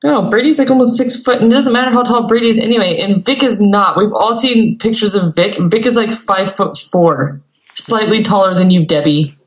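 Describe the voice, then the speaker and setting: A woman's voice: mid-range voice, fairly quick. A woman, co-hosting a casual podcast and telling a story while acting out both sides of the dialogue. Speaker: co-host. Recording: dull lo-fi recording.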